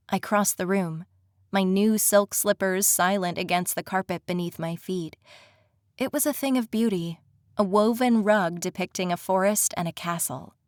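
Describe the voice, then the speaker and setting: A woman's voice: mid-range voice, no echo. Woman narrating a fantasy audiobook, dry and close. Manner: wry, conversational storytelling. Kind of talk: first-person fantasy narration.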